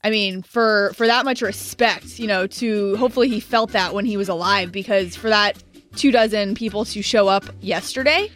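A young woman co-hosting a morning radio show, telling stories in an animated, emphatic way. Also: medium pitch, normal speed, soft background music. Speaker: radio co-host.

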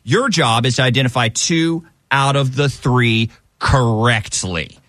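A man's voice: medium pitch, unhurried, no echo. A man co-hosting a morning radio show, playful and upbeat as he runs a call-in game. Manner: animated, playful.

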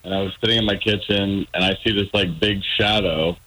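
A man phones in to a radio show and rambles through a story, hesitating often with plenty of ums. His voice sits low with fairly even intonation, and his brisk delivery has a sharp tone. The recording is low quality but has no room sound.

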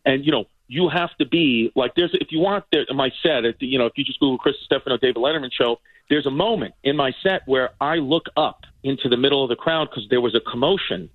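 A male comedian telling family stories in casual chat, animated and acting out the people in them. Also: medium pitch, fast talker, few pauses, no room sound, phone-quality sound. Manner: animated, acts out family members' voices. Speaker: comedian guest.

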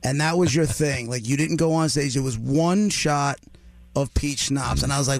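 A man's voice: mid-range voice, normal speed, vocal fry. A man co-hosting a morning radio show, chatty and enthusiastic, stumbling over restarts. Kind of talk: casual radio chat.

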